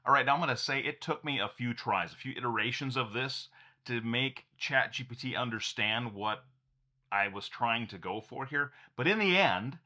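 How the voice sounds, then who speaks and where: In this relaxed screen-share tutorial, the guide's mid-range voice sounds bright and forceful at a moderate pace. He's upbeat about the tech, laughs softly a lot and often restarts what he's saying.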